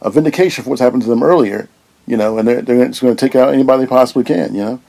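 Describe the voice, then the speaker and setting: A man co-hosting a casual film discussion, talking fast with stammering restarts. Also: medium pitch, vocal fry, mellow. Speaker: podcast co-host.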